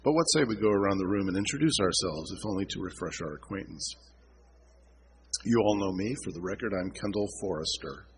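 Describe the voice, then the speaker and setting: A man's voice: sits low, expressive, brisk, slight background noise. A man voicing a pompous male scientist making formal introductions, in a story read aloud.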